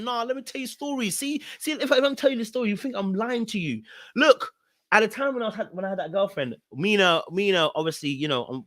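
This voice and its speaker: A young man, hosting a podcast and telling a personal story in an animated way, repeating phrases for emphasis. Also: high-pitched, dry recording, studio quality. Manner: animated, repeats phrases for emphasis, acts out his own past words. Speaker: podcast host. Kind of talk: storytelling talk.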